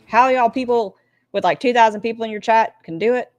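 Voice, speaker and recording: A woman's voice: on the high side, brisk, a little mellow, dry recording. A woman streaming a reaction, making wry, sarcastic comments to her chat.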